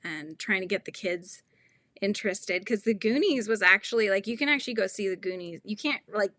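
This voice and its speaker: A woman in her thirties chats through a crochet tutorial, rambling between topics and laughing easily. Her voice is bright and forceful with a gravelly fry. It is recorded close and dry, with no room sound. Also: medium pitch, no room sound. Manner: chatty, rambling, laughs often, reads viewer comments. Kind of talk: casual livestream chat while crocheting.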